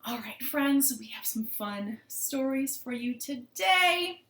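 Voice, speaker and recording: A high-voiced librarian takes her time reading a picture book to children from her living room, with a roomy sound to the recording. She's animated and playful, asking the kids questions as she goes.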